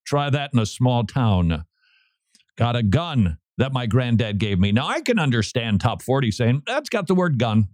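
A man hosting a talk radio show, giving animated commentary and teasing his co-host. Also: mid-range voice, normal speed, no room sound. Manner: animated, teasing, reads lyrics aloud.

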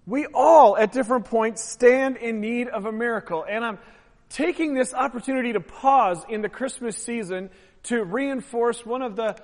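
A man preaching a sermon as pastor, emphatic and swelling louder on key phrases. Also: high-pitched. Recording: long hall reverb.

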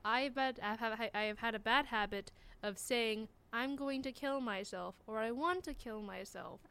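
A playful young college woman chatting on a podcast. Her voice is bright and crisp, with a smooth tone and a slightly high pitch. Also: moderate pace. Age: young adult. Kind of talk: casual chat.

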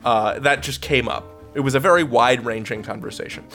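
A man's voice: brisk, faint music behind. A man co-hosting a podcast, telling a comedic story in a casual way and acting out the people he quotes. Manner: animated, acts out quoted people with big pitch jumps.

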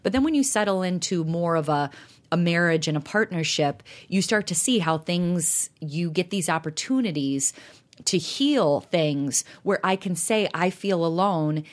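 A woman's voice: fairly low pitch, animated, normal speed. A middle-aged woman co-hosting a talk show, speaking earnestly and openly about her marriage in casual chat. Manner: earnest, reflective, open. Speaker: podcast co-host.

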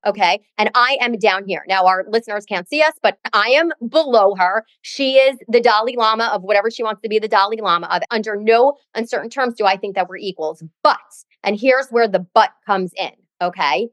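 A woman's voice: mid-range voice, fairly quick, hardly any pauses, a bit bright, dry recording. A middle-aged woman co-hosting a podcast, telling a story in a dramatic, sassy, chatty way. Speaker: podcast co-host. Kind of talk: casual chat, storytelling.

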